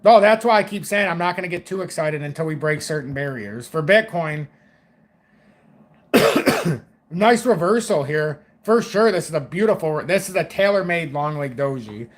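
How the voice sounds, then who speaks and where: A man's voice: a little high, animated, moderate pace. A young man giving loose, rambling, profane crypto market commentary on his own stream.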